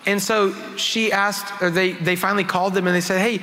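A man's voice: high voice, little pitch movement, fairly quick, pushed and bright, long reverb tail. A man, a worship pastor, giving a conversational sermon full of self-deprecating personal stories in a church sanctuary.

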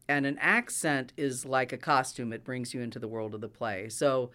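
A man working as an actor and dialect coach answers interview questions, explaining each point with real enthusiasm. His voice is smooth and resonant, and its pitch sits in an ordinary middle range. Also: steady tone, a little slow, bright, forceful tone. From United States. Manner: explanatory, enthusiastic about accents.

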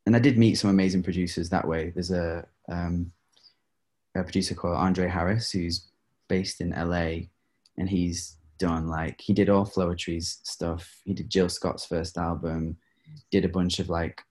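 In an easygoing interview, a deep-voiced singer shares stories at an unhurried pace. He is animated, often laughing, and his talk is full of fillers.

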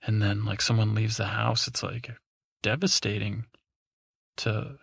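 A man's voice: on the low side, flat delivery, unhurried, vocal fry, fairly bright tone, slightly rough, dry recording, clean studio sound. A man hosting a podcast, telling a meandering, drowsy bedtime story with many fillers and restarts. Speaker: podcast host.

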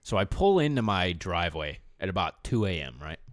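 A man's voice: low-pitched, sing-song, a little fast, no echo. Storytelling podcast guy, dry room. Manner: tells stories with acted quotes, swears, gets loud when riled. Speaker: podcast co-host. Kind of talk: casual storytelling chat.

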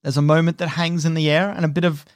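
A man narrating as game master in a tabletop role-playing game, unhurried and descriptive, with frequent restarts. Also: a little high, little pitch movement, dry recording, clean studio sound.

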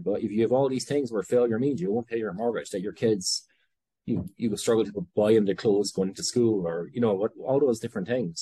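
A husky, low-voiced Irish man with a warm tone is recorded without echo as a guest entrepreneur in a conversational interview. He rambles, interrupts himself, and speaks candidly with casual swearing.

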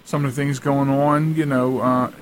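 A man's voice: medium pitch, flat delivery, normal speed, slight background noise. A man hosting a radio talk show, chatting casually and rambling with lots of restarts and asides.

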